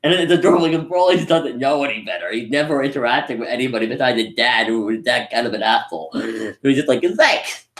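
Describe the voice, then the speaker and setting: A man of middle pitch talks through a movie plot in a loose, rambling way. He trips over restarts and fillers, then jumps into quick impressions of the characters. The sound carries a noticeable room echo. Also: a bit bright. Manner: rambling, many restarts and "like", acts out quotes. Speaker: movie reviewer. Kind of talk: casual movie recap.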